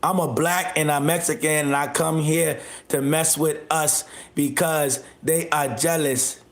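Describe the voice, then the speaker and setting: A high-pitched man hosts a live stream and rants at his chat. He is loud and confrontational and repeats himself again and again. His voice rings in an echoey room. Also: fairly even intonation, a little slow. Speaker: livestream host.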